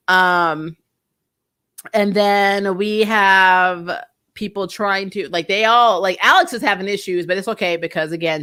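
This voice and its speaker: A woman chatting through a TV episode review in a loose, animated way. She drops sarcastic asides and laughs often as she talks. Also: mid-range voice. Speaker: TV show reviewer, channel host. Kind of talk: casual spoiler review chat.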